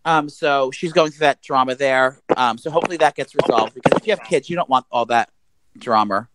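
A man around forty, co-hosting a casual podcast chat and telling stories quickly, with crude language and loud acted-out quotes. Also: mid-range voice, heavy background noise. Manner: rapid, profane storytelling with loud acted-out quotes. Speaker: podcast co-host.

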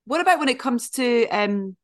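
A woman's voice: a little high, animated, normal speed. A woman from Scotland, hosting a film podcast interview and asking conversational questions. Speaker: podcast host.

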